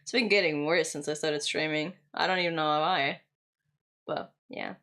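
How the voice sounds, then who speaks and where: A woman's voice: deep voice, fairly even intonation, normal speed, a bit bright. A young woman, chatting casually and playfully with her stream viewers and giggling often. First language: German.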